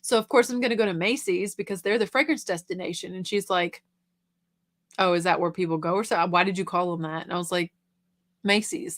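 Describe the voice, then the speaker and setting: A woman's voice: medium pitch, fairly bright tone. A young adult woman hosting a casual livestream, reading viewer comments aloud and chatting back about reselling. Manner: chatty, reads comments aloud and answers them.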